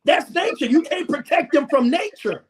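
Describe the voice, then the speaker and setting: Man, very high voice, preaching cadence, shouts at peaks. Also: big pitch swings, moderate pace. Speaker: talk show panelist. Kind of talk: impassioned talk show discussion.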